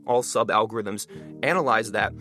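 A man being interviewed on the radio. He talks quickly and stresses many words. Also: fairly low pitch, bright, forceful tone, faint music behind. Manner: fast talker who stresses many words. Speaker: guest.

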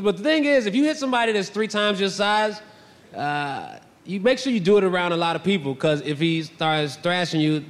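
A young man doing a stand-up set, swinging between shouty punchlines and low, muttered asides. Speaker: stand-up comedian. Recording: live club recording with long reverb.

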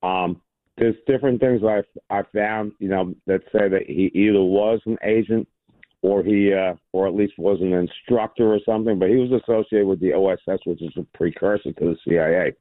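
A man's voice: deep voice, brisk, no room sound. A man calling in to a radio show, explaining his view in a rambling, hedging way with many fillers. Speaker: caller. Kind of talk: phone-in discussion. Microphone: telephone. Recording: tinny phone line.

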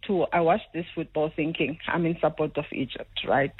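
A middle-aged woman calling in to a radio show, talking at length in an animated, storytelling way. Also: low-pitched, moderate pace. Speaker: caller. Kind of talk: phone-in chat. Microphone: telephone. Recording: tinny phone line.

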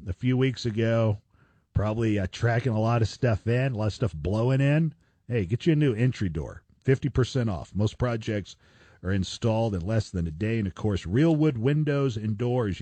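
A man's voice: mid-range voice, darkish tone, slightly rough, dry recording. A man giving a casual, chatty live-read radio advertisement. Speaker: radio ad reader.

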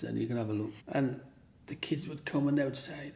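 An older man, telling personal stories in a rambling, animated way and acting out the voices in them. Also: mid-range voice, brisk, creaky, slight background noise. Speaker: interviewee. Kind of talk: personal storytelling.

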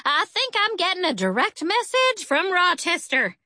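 Lady reading a storybook doing a floaty high-voiced mystic woman, super calm, bright voice, dry sound. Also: moderate pace, dry recording, exaggerated voice. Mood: serene. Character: dreamy woman mystic, eyes closed.

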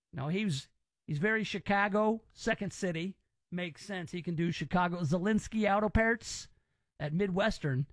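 High-voiced opinionated man. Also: no room sound. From Southern US. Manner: opinionated and rambling. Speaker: podcast host. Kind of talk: casual chat.

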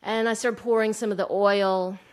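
Woman, 30s, lively storyteller, breathless, plays out her quotes, medium voice. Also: mid-range voice, normal speed, smooth. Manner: animated, breathless, acts out quoted lines. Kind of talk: personal storytelling.

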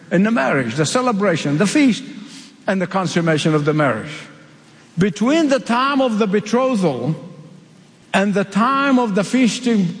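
A man from the Middle East delivers an emphatic sermon with a high voice, repeating his key phrases to drive them home. His words ring out with a long reverb, as in a large hall. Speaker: preacher.

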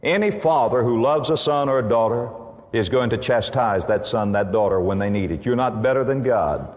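A man's voice: mid-range voice, moderate pace, long reverb tail. A man preaching a sermon, building to emphatic bursts and quoting scripture as he goes. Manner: preaching with rising emphatic bursts and Bible quotations. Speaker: pastor.

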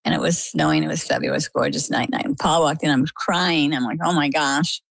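A middle-aged woman from Maine, a guest in an interview, telling her story in a lively, conversational way and acting out the quoted dialogue. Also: sits low, fast, gravelly, husky, dry recording, low-quality recording. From Maine, USA.

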